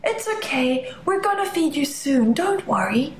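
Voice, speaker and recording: An eager little girl from a storybook, as a woman reader puts her on. Her voice bounces high and low, slow and drawn out. It rings in a roomy space. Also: big pitch swings, a little hiss or hum. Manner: high, sing-song child voice. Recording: roomy echo.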